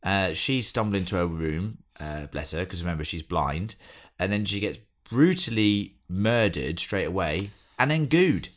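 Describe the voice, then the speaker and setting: A man's voice: sits low, animated, moderate pace, few pauses. An English man co-hosting a podcast, chatting casually as he recaps an episode from his notes. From England. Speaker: podcast co-host. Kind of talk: casual chat.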